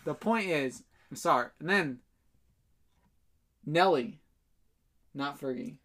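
A man's voice: fairly high pitch, lively intonation, takes it slowly, fairly bright tone. A young man telling a rambling story in casual chat, full of fillers and swearing and laughing as he goes.

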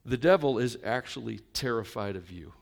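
A male pastor preaching to a live congregation, conversational with joking asides, swinging between loud emphatic lines and quiet intimate ones. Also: medium pitch, lively intonation, normal speed, gravelly. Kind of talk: sermon.

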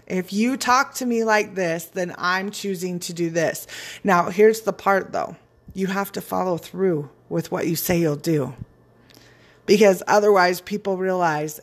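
A woman's voice: medium pitch, a little slow. A woman giving a frank, casual motivational talk. She swears freely and laughs often. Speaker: speaker on personal boundaries.

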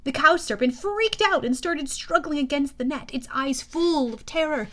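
High-voiced woman narrating an audiobook. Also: moderate pace, hardly any pauses. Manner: lively, expressive storytelling with youthful energy. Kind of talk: first-person audiobook narration.

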